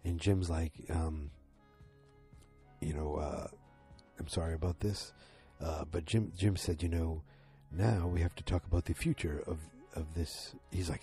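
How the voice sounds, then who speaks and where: A man casually recapping a TV episode. He rambles excitedly and acts out the lines he quotes. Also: low-pitched, measured pace, soft background music.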